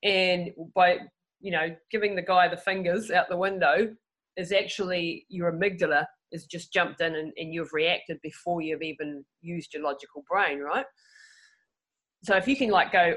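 A woman guest talks animatedly in a casual conversation, frequently restarting her sentences and acting out what people say in their heads. Her voice is fairly low, her pace normal, and the recording quality is low.

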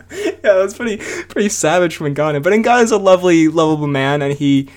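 A man's voice: fairly high pitch, animated, fairly quick. A man co-hosting a casual podcast chat, joking and laughing often. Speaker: podcast co-host.

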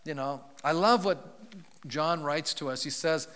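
A man's voice: on the high side, measured pace, a bit bright. A male pastor preaching a sermon in a church, telling a Bible story in a loose, conversational way and asking the congregation questions. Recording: long reverb of a large hall.

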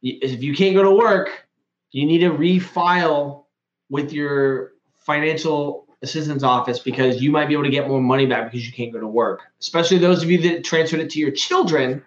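A man's voice: a little high, brisk, roomy sound, lo-fi sound. A man hosting a casual chat, telling rambling, profane stories, a bit tipsy and slurring. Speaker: podcast host.

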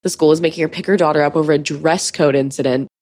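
A young woman in her twenties, a podcast host, telling a long story in a chatty, profane way. Her voice sits a little low, and she keeps it loose with frequent fillers. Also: fairly even intonation, fast talker, darkish tone, slightly rough. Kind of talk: casual storytelling.

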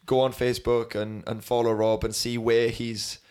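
A man's voice: medium pitch, flat delivery, moderate pace, darkish tone, smooth. A man hosting a casual podcast interview, encouraging his guest with short affirmations. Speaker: podcast host.

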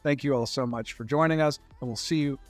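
A man's voice: mid-range voice, fairly quick, dry recording, faint music behind. A man hosting a podcast interview, friendly and enthusiastic, often restarting his sentences. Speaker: podcast host.

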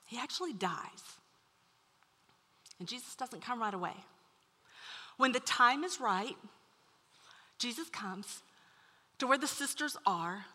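A woman preaching a sermon to a room, telling a story with animated swings from loud to hushed. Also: high voice. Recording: long hall reverb.

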